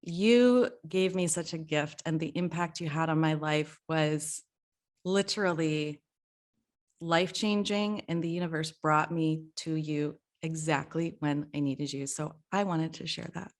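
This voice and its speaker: A middle-aged woman hosting a podcast, talking in a casual, heartfelt way, emotional and quick to laugh. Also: sits low. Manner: warm, emotional, laughs often. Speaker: podcast host.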